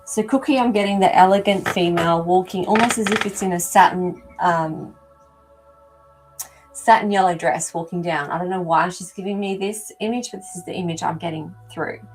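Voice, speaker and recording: A woman's voice: on the low side, normal speed, soft background music, low-quality recording. A woman hosting a live animal communication show, talking casually to viewers and thinking aloud with many ums. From not from America. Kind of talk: live-stream reading for viewers.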